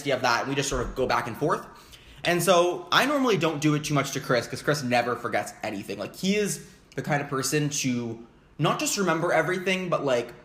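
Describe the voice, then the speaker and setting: A man's voice: on the high side, fairly bright tone, echoey room. A young man chatting casually while eating on camera, rambling and laughing easily. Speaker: vlogger. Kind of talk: casual mukbang chat. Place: home basement.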